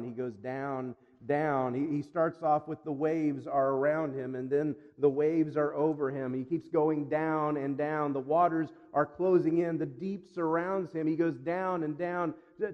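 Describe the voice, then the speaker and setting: A man preaching a sermon in an earnest, emphatic way, repeating phrases and slowing down for weight. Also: a little high, steady tone. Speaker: pastor. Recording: dull sound with long reverb.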